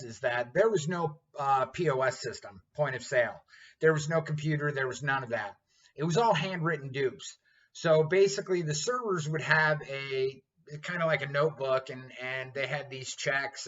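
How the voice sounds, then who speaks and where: A man's voice: medium pitch, sharp tone. A man in his fifties, a chef, telling a story in casual chat, blunt and profane. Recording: dull lo-fi sound.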